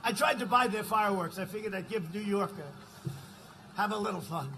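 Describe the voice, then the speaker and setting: His voice high, bright and forceful, a man addresses a campaign rally at a moderate pace, rambling repetitively and often asking the audience "right?" The audio carries a slight hiss or hum.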